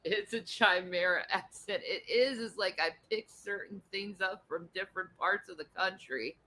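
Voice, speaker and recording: A woman's voice: mid-range voice, normal speed, bright, forceful tone, a little hiss or hum, poor audio. A woman chatting casually on a home livestream, answering viewer comments, laughing often and cooing at her pet.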